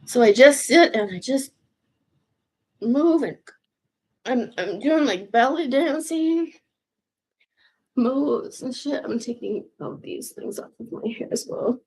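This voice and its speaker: Woman, sixties, slightly high voice, slow rambling chat, goofy, swears, half-whispers, at home. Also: lively intonation, darkish tone. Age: 60s. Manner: goofy, swearing, self-mocking, drifts in and out of whispers. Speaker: vlogger. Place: home room.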